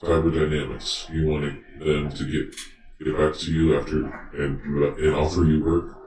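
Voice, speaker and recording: A man voicing a creepy male fairy who calmly and persuasively offers wishes in exchange for organs. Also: extremely low pitch, moderate pace, reverberant, pitched below the performer's own voice, poor audio. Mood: coaxing. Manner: calm, persuasive, matter-of-fact.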